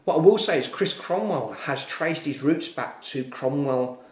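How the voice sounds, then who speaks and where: A man's voice: fairly high pitch, lively intonation, measured pace, crowd noise. Guy doing a live beer review stream, bantering and telling stories, roomy echo. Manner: chatty, storytelling, exasperated bantering. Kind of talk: live-streamed casual chat.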